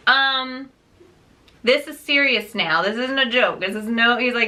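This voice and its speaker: A woman book vlogger telling a story in a casual, animated way, laughing often. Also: high-pitched, measured pace. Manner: chatty, animated, laughs often, many fillers.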